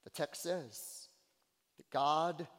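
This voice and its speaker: A man preaching a sermon, swinging between loud, earnest cries and hushed near-whispers, and repeating phrases for emphasis. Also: on the high side, drawn-out words. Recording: long hall reverb.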